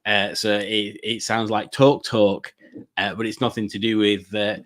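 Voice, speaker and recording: A man's voice: on the low side, flat delivery, unhurried, fairly bright tone. A man hosting a casual livestream, rambling and hesitant with many fillers and goofy jokes while greeting the chat. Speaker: livestream host.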